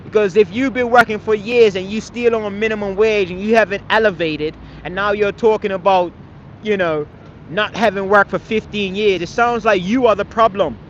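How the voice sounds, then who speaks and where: A man's voice: high-pitched, steady tone, normal speed, dull audio. Guy going off at his stream chat, swears a lot, keeps saying man, faint traffic hum behind. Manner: confrontational, scolding, swears often; repeats phrases, tags lines with "man". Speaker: livestreamer answering chat. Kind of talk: live stream chat rant.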